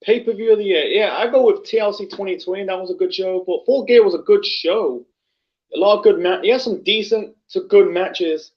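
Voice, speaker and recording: A man talks casually on his own wrestling show, halting often and restarting his sentences. His voice sits high for a man. It comes from a bit back in an echoey room, on dull, lo-fi audio. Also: far from the mic. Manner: halting, many fillers and restarts. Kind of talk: casual solo commentary.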